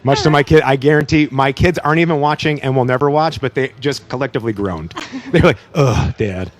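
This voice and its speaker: A man's voice: mid-range voice, fairly quick. Man, thirties, co-host, teasing, jokey, laughs easily. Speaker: co-host of a church pre-show. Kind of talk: casual chat.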